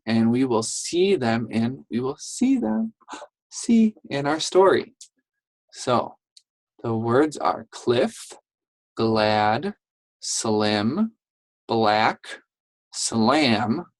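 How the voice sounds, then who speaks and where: A woman teaching a phonics lesson to young English learners, saying each word slowly and clearly and praising the children. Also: a bass voice, dry recording, rough recording. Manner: slow, clearly enunciated, encouraging classroom talk.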